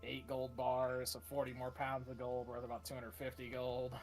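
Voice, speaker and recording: Man, mid-pitched, joking player, casual swearing, voice chat game. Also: completely flat delivery, normal speed, faint music behind, poor audio.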